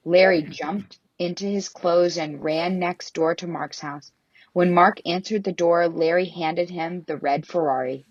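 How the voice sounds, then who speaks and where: A woman's voice: fairly low pitch, steady tone, a little slow, dry recording, highs cut off. A woman reading a children's story aloud expressively.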